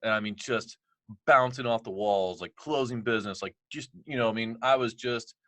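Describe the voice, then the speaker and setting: A middle-aged man, a podcast guest, telling a personal story in casual talk, animated and full of "like" and acted-out dialogue. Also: mid-range voice, normal speed, no room sound. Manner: animated, heavy on "like" and quoted dialogue.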